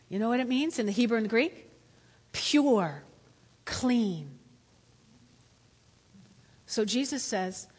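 A woman pastor preaching a lively sermon in church, swinging between loud calls and hushed asides. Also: on the high side, slow, long pauses, slightly rough. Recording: echoey hall.

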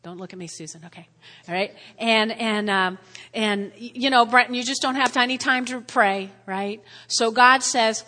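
A woman pastor preaching a sermon with strong emotion, swinging between loud exclamations and hushed whispers, at times close to tears. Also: medium pitch, brisk. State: tearful at times. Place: church hall. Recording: long hall reverb.

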